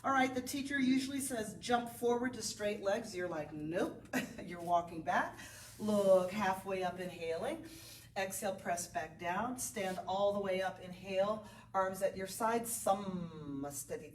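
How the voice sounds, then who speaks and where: Speaking a little slowly in a medium pitch, a woman leads beginners through yoga, calling breath cues in a chatty, encouraging tone. The recording is off-mic and roomy, with faint ambience and slight hiss or hum.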